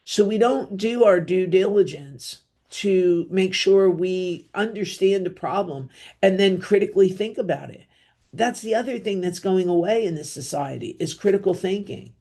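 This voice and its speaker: A middle-aged woman with a New Jersey accent delivers an opinionated solo podcast monologue. Her voice is mellow and warm, and her tone is blunt and rambling, full of fillers and throwaway asides. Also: mid-range voice, normal speed. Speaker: podcast host.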